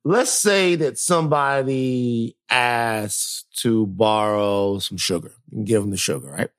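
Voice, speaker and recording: A man on a podcast telling a story in a casual, animated way, his voice jumping up high when he is exasperated. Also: measured pace, clear, resonant tone, dry recording, studio quality. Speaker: podcast co-host.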